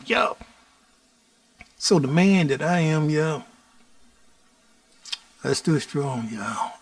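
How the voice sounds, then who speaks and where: A middle-aged man from Houston, Texas, telling his own story as host in a slow preaching cadence that keeps addressing the listeners as "y'all". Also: on the high side, darkish tone, slightly rough, no room sound. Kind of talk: personal storytelling monologue.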